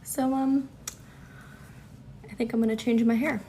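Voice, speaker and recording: Woman nurse, mellow, slightly high voice, wry deadpan telling, faint ambience. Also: a little slow, slight background noise. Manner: wry, disbelieving storytelling. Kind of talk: casual storytime to camera.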